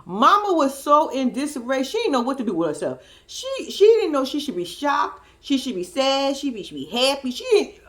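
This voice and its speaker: A woman hosting a casual recap commentary, talking in an animated, profane way and laughing often. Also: sits high, moderate pace, hardly any pauses. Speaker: host.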